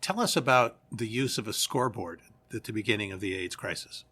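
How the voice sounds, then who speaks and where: Male podcast host, gravelly, bright tone, admiring, conversational. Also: on the low side, fairly quick. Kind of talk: interview questions.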